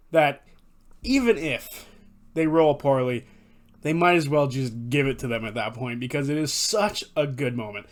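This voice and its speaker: A man giving casual, enthusiastic video commentary, recapping favorite moments, swearing freely and correcting himself as he goes. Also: mid-range voice. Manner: enthusiastic, profane, rambling with self-corrections. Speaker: fan commentator.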